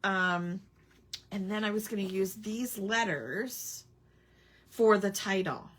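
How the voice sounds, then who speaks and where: A woman's voice: mid-range voice, slow pace, a bit bright. A woman hosting a casual live crafting stream, rambling with lots of ums and chatting back to viewer comments. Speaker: crafting livestream host.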